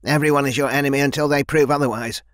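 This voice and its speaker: A man's voice: fairly high pitch, expressive, fast talker, dry recording, clean studio sound, pitched above the performer's own voice. Man putting on a hot-tempered woman soldier. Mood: furious. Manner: growling, aggressive shouts.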